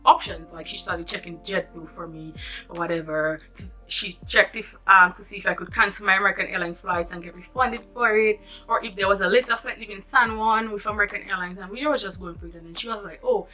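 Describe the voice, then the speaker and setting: She speaks at medium pitch and fairly quickly, her bright, forward voice carrying a lilt through an animated, dramatic storytime vlog. Faint music sits behind her while she keeps turning to viewers with asides.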